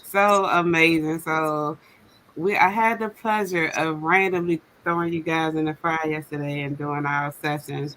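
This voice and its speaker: Woman, live-stream host, slangy and lively, lowish voice, faint background hum. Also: measured pace, low-quality recording. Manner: lively, slangy, laughs often. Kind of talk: casual live-stream chat.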